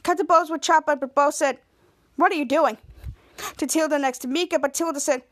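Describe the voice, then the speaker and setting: A woman's voice: high-pitched, fairly quick. A woman hosting a podcast, retelling a TV episode scene by scene in a rambling, stop-start way with many restarts. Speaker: podcast host. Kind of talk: casual recap of a TV episode.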